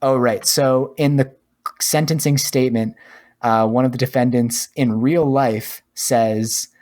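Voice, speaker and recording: A man co-hosting a podcast, chatting in a relaxed, rambling way with lots of fillers. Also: medium pitch, a little slow. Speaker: podcast co-host. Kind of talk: casual podcast chat.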